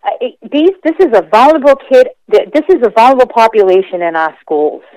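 Woman calling into a radio show, bit gravelly, earnest and emphatic, dry sound. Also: fairly high pitch, very animated, quick pace, a little mellow, no echo, rough recording. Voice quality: gravelly morning voice. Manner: earnest, emphatic, restarts phrases. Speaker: school board member calling in. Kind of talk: call-in conversation.

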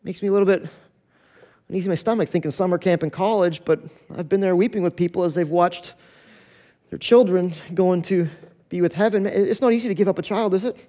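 High-voiced pastor preaching a sermon. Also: male voice, a little fast. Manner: acts out voices in quoted dialogue, shifts from loud to hushed.

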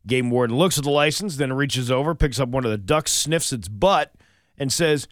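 A man's voice: mid-range voice, moderate pace, dry recording, studio quality. A man co-hosting a morning radio show, joking and telling a tall tale, playful and mock-conspiratorial. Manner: playful, mock-conspiratorial, loud put-on voices in jokes. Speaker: radio co-host, news reader. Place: radio studio. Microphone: studio mic.

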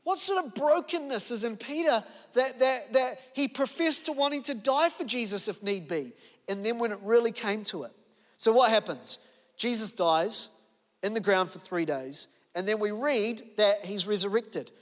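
A man's voice: high voice, animated, normal speed. A man preaching a sermon, telling a story and firing off rhetorical questions. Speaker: pastor. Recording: long reverb of a large hall.

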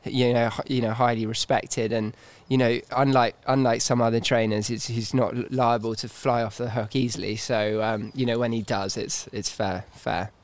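Smooth-voiced man telling a story. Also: mid-range voice, moderate pace, hardly any pauses. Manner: animated storyteller, stammering restarts, laughing through anecdotes. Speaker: racehorse trainer and podcast co-host. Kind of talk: casual chat, storytelling.

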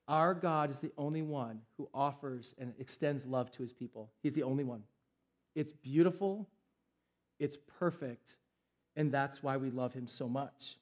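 A man in his thirties preaches with a fairly high voice. He speaks emphatically and slows right down on the phrases he wants to land, then speeds up again between them. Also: a little mellow. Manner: emphatic, varied pace with slowed stressed phrases. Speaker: pastor. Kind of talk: sermon.

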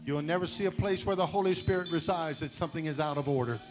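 A man's voice: a little high, fast, hardly any pauses. A male pastor, preaching an emphatic sermon and leading the congregation in call-and-response. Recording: preaching over loud music.

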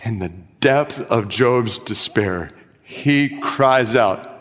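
A man preaching a sermon, reading scripture slowly and with rising emphasis. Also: medium pitch, fairly bright tone. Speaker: pastor. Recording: music behind, long hall reverb.

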